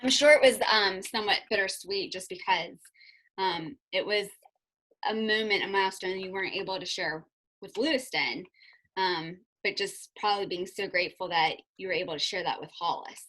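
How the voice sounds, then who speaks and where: A woman hosting a podcast, asking gentle questions and offering short supportive affirmations. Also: mid-range voice, normal speed, poor audio. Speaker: podcast host. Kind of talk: interview questions.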